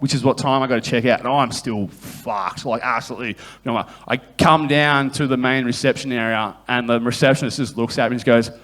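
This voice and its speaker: A man, a comedian, tells a long, sweary story on a live podcast. He rambles with restarts and puts on quick voices for the people in it. His pitch sits in an ordinary middle range. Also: fairly bright tone. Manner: profane, rambling anecdote-telling with quick voiced quotes. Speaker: guest comedian.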